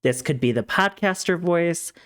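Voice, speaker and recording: A man, a speech-language pathologist, calmly explaining voice training in a measured, instructive way. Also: on the high side. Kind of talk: educational explainer to camera.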